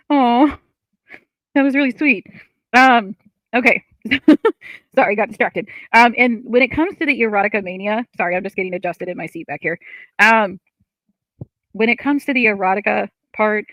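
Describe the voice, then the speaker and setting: A woman's voice: a little high, normal speed, long pauses, fairly bright tone, dry recording, poor audio. Chatty woman reading stream comments. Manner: chatty and open, many fillers, laughs often. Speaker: livestream host. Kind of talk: casual livestream chat reading viewer comments. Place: at home, seated.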